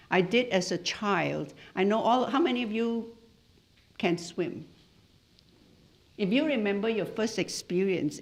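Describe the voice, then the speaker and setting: A middle-aged woman from Malaysia lecturing a class as a hypnotherapist. She tells stories in an animated way, her pitch swinging widely as she goes. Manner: storytelling, lively and animated, with laughs. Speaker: hypnotherapist giving a talk.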